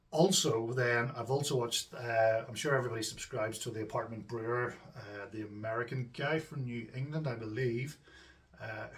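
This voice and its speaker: A man's voice: medium pitch, a bit bright, recorded from a distance. A man with a Northern Irish accent hosting his own homebrewing channel, chatting casually to viewers with lots of ums and asides. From Northern Ireland. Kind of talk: casual chat to camera.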